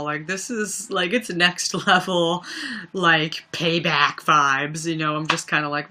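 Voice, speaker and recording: Unhurried and pushed-bright with a fairly low pitch, this young livestream host chats casually, telling stories packed with fillers and laughs. The sound comes from a webcam or phone mic.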